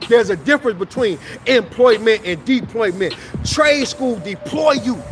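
A man's voice: very high-pitched, expressive, moderate pace. A man, preaching motivation in a livestream rant outdoors, repeating himself and slipping into a sing-song. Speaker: motivational streamer. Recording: music playing loud in the background.

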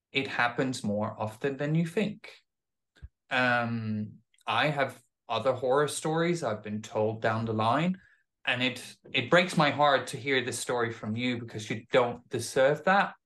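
Slow-spoken gentle male podcast host. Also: mid-range voice, rough recording. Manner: gentle, supportive, measured. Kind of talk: interview talk.

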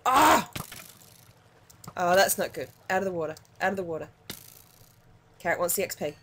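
An Australian woman commenting on her gameplay in a casual, excitable way, muttering to herself between sudden yelps. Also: lowish voice, moderate pace, slight background noise. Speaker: gaming channel host.

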